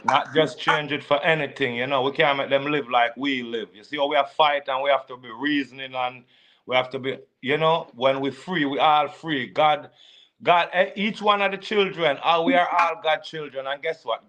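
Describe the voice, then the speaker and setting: A man calling in to a live show, talking in a relaxed way and often adding "you know". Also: on the high side, moderate pace. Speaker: caller. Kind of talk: casual call-in chat.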